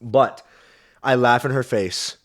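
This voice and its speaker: A young man hosting a podcast, telling a story casually and with lots of energy. His pitch sits in the middle range for a man. He rambles, swears often and fills the story with "like" and "um". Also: takes it slowly. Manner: animated, profane, rambling with frequent fillers. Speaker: podcast host.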